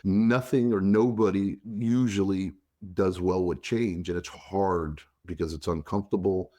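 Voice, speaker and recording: A man co-hosting a podcast, chatting casually and telling long, animated, teasing stories. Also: low voice, unhurried. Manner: animated, rambling storyteller, teasing. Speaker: podcast co-host. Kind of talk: casual chat.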